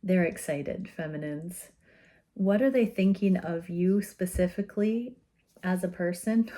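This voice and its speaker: A woman giving an intuitive tarot reading, speaking in a gentle, soothing and earnest way with soft laughs. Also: fairly low pitch. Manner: slow, gentle and soothing, often laughing softly; earnest and openly emotional. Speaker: tarot reader.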